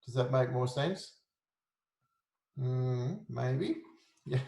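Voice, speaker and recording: A man's voice: medium pitch, drawn-out words, gravelly. Self-deprecating male music teacher, echoey room. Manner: relaxed, self-deprecating, sings rhythms on "da". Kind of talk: informal music lesson.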